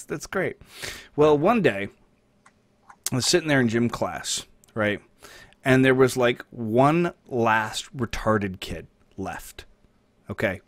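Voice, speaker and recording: A young man hosting a livestream, telling a crude story in a deadpan, profane way with chatty asides to his viewers. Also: mid-range voice, no room sound. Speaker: livestream host. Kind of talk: crude comedic storytelling while gaming.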